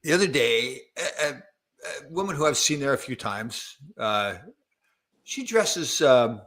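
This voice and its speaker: A man with a bright, forceful voice chats casually as a show host. He rambles through his stories, stopping and restarting mid-sentence. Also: medium pitch, sing-song. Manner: rambling, halting storyteller with many restarts. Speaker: podcast host. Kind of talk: casual chat.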